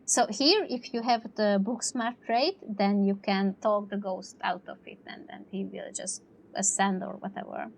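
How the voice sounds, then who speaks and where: A woman's voice: medium pitch, steady tone, unhurried, vocal fry. A woman streaming a story game, reading its dialogue aloud and commenting on it. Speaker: gaming streamer. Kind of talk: let's play commentary.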